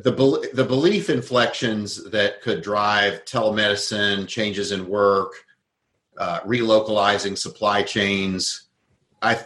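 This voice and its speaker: Low-voiced man explaining in an echoey room. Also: a bit bright. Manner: thoughtful, explains with worked examples. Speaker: guest. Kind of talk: conversational interview.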